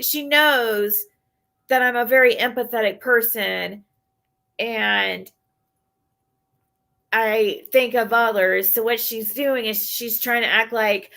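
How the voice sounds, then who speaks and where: A woman's voice: fairly high pitch, sharp tone. A woman livestreaming a casual rant to her chat, blunt and profane, sounding exasperated as she talks things through.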